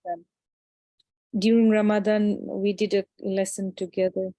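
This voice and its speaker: A woman's voice: medium pitch, little pitch movement, moderate pace, warm tone, dry recording. A woman student reciting and speaking hesitantly in an online lesson over a video call.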